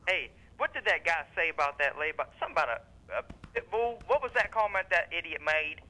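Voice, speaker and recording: A man's voice: on the high side, animated, fast talker, bright, forceful tone, low-quality recording. A man calling in to a TV show, rowdy and mocking. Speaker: caller.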